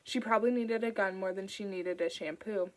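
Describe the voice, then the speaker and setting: A woman narrating an audiobook. Her reading is steady and measured, and she carries the story along evenly. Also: medium pitch, poor audio.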